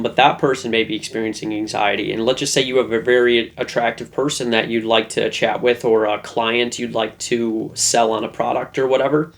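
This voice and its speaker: A man hosting a relationship advice lesson, talking loosely and conversationally. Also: mid-range voice. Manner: loose, conversational, with fillers and restarts. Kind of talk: casual talking-head lesson.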